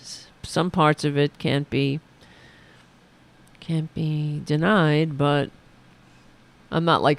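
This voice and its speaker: A woman's voice: low voice, steady tone, slow pace, gravelly, pauses often, dry recording. A woman hosting a podcast, giving sarcastic, profane political commentary and mocking what she hears. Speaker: podcast host.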